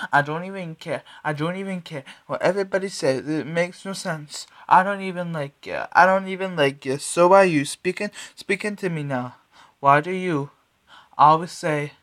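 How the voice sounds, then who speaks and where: A man's voice: fairly high pitch, a bit bright. A young man singing a sassy, taunting pop track, repeating lines in stuttering loops. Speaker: singer. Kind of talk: sung pop track with spoken-sung verses.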